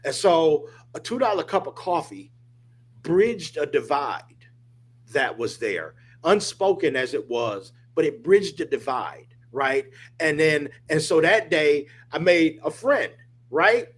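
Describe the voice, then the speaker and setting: A man's voice: fairly high pitch, slow pace, a little hiss or hum. A man, a podcast guest, telling a personal story in a casual, emphatic way over a video call. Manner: emphatic, animated, addresses listener as dude and man.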